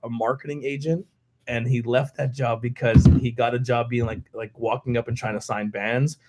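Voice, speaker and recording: A man from Pennsylvania hosting a beer podcast, telling stories in a relaxed, animated way and acting out the people in them. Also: mid-range voice, moderate pace, heavy background noise. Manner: animated, quotes people in raised voices, laughs often. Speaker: podcast host. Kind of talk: casual storytelling chat.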